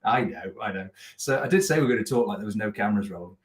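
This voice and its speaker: A man's voice: fairly low pitch, expressive, racing, echoey room. A man co-hosting a casual business live-stream, chatty and self-deprecating, with a lot of fillers. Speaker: co-host, business coach. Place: office.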